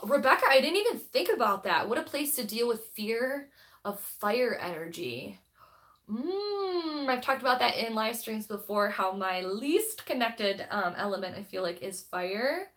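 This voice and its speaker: A woman in a mid-pitched voice hosts a casual live stream about spirituality. She rambles and thinks aloud, reads passages from a book, and talks directly to her viewers. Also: gravelly.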